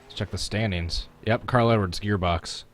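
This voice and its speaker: Man, low voice, racing game streamer, chatty, chuckling, talking to chat. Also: normal speed, a little hiss or hum. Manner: chatty, chuckling, talks to chat while playing. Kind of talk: casual live-stream gameplay commentary.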